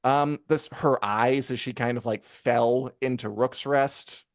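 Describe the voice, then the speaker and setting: A man co-hosting a live review show in casual chat, rambling and animated, with many fillers and acted-out quotes. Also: medium pitch, takes it slowly, dry recording, clean studio sound. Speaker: podcast co-host reviewing a TV episode.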